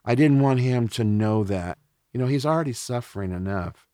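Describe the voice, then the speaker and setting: A man's voice: medium pitch, animated, moderate pace, warm tone, dry recording, studio quality. A middle-aged man from Texas, a podcast interview guest, telling personal stories candidly and emotionally with blunt language.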